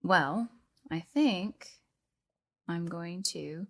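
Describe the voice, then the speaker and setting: Bright-voiced woman playing a tabletop game. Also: lowish voice, drawn-out words. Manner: chatty, reads rules aloud. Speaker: player. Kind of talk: casual tabletop play.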